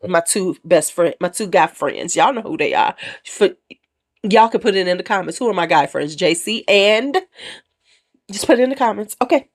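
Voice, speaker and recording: A woman casually reviewing perfumes in a chatty, candid way, with slangy asides. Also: lowish voice. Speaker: perfume vlogger.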